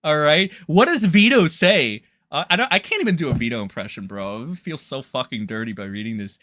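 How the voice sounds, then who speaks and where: A man's voice: a little high, big pitch swings, normal speed, fairly bright tone, dry recording, clean studio sound. Man ranting profanely on a livestream. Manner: profane, heated, exasperated outbursts. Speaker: livestream commentator.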